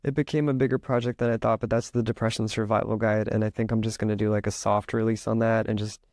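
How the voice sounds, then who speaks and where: Casual, rambling man with a low voice. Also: flat delivery, fast talker, a little mellow, dry recording, studio quality. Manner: rambling, heavy use of "like", acts out inner thoughts. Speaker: podcast guest, author and musician. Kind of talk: casual interview talk.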